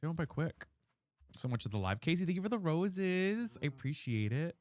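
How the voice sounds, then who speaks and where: A man's voice: a little high, very animated, moderate pace, darkish tone, dry recording. A man chatting casually on a live game stream, dramatic and chatty, thanking viewers by name. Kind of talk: casual live-stream chat while gaming.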